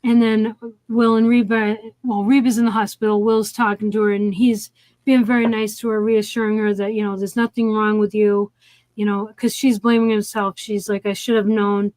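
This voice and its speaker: A woman's voice: medium pitch, flat delivery, normal speed, darkish tone, no room sound. A woman co-hosting a film review stream, retelling the plot in a rambling, casual way full of fillers and restarts. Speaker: co-host of a movie review stream.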